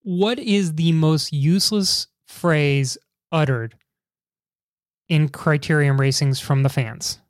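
A man hosting a cycling podcast, speaking in a measured, earnest way. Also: fairly high pitch, no room sound, studio quality. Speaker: podcast host.

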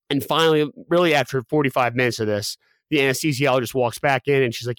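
A man's voice: medium pitch, steady tone, fast talker, fairly bright tone, clear, resonant tone, no echo, studio quality. A young man telling a personal story as a guest, candid and full of fillers and restarts.

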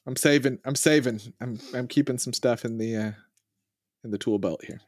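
A man's voice: mid-range voice, moderate pace, no room sound. A man with a mid-range voice plays a tabletop game. He casually lays out his moves one step at a time. The sound is dry and close. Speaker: player.

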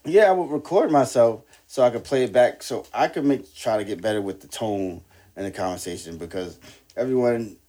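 A man's voice: medium pitch, animated, a little fast, dark tone. A man in his forties telling stories animatedly in a casual group chat, laughing often.

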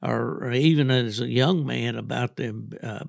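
An older man with a gravelly, creaky voice spins folksy, rambling stories as a podcast host. He talks in a relaxed, easygoing way and chuckles often. The sound is dry and close, with little room echo. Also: mid-range voice, unhurried. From Southern West Virginia. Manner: folksy, rambling storyteller who laughs often. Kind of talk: casual storytelling chat.

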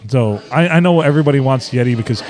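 Animated, joking male podcast co-host. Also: mid-range voice, fast. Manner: profane, jokey, animated. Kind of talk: casual banter.

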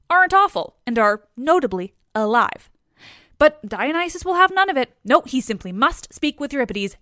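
A woman's voice: on the high side, a bit bright, no room sound, studio quality. A woman retelling a story in a chatty, casual way with wry asides.

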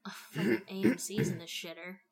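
A woman's voice: mid-range voice, steady tone, brisk, creaky, darkish tone. Blunt, sarcastic woman co-host. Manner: blunt, sarcastic, swears freely. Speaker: podcast co-host. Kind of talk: casual podcast banter.

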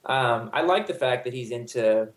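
A man of middle pitch speaks in a relaxed panel chat. He explains things fluently and thoughtfully. His voice carries a roomy echo. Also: moderate pace. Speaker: soccer journalist.

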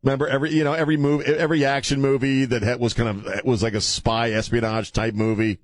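A man's voice: medium pitch, level tone, fast talker, no echo. A middle-aged man hosting a radio talk show, joking loosely and provocatively and laughing often. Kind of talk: casual radio banter.

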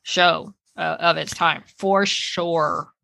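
A woman's voice: on the low side, fairly even intonation, slow pace, vocal fry, sharp tone, no echo, poor audio. A woman co-hosting a podcast in casual chat, chatty and often restarting her sentences mid-thought. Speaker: podcast co-host.

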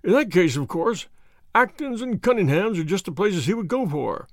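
A man's voice: high-pitched, animated, moderate pace, dry recording, studio quality, voice pushed up. Guy doing a hearty old army colonel, chatty and emphatic, voice jumps all over.

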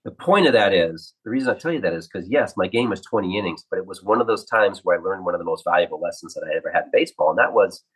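Husky-voiced man telling baseball stories. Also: deep voice, quick pace, hardly any pauses, rough recording. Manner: animated anecdotes, acts out quotes. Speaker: former ballplayer, radio analyst. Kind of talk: storytelling interview.

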